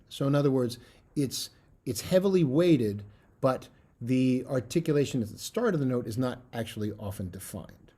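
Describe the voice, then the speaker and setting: A middle-aged man giving a recorded music lecture as a bassoon professor, earnest and emphatic, with fillers. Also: a little mellow, husky.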